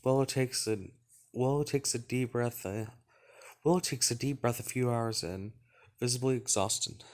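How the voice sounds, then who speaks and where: Man, let's play host, reading game narration, relaxed, even, medium pitch. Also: moderate pace. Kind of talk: reading a visual novel aloud.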